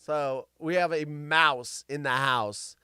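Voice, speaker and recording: A man's voice: on the high side, slow pace, bright, forceful tone, clean tone, no echo, studio quality. A male host telling crude, self-mocking stories and riffing on the news on a live comedy show.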